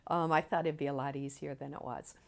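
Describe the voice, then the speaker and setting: A woman telling a personal memory in a halting way, with many fillers and some soft whispered stretches. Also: deep voice, steady tone, creaky. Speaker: storyteller recalling a loved one. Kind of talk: personal recollection.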